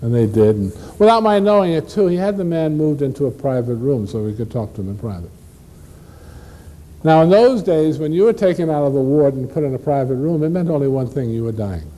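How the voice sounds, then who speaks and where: A man performing a one-man stage play, telling a first-person story with dramatic pauses and shifts in pace. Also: on the high side, sing-song, warm tone, poor audio.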